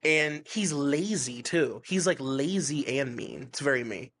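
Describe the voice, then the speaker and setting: A man's voice: mid-range voice, expressive, a little slow, a bit bright. A man co-hosting a podcast in casual chat, rambling with lots of fillers and frequent laughs, in a hazy, stoned state. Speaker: podcast co-host.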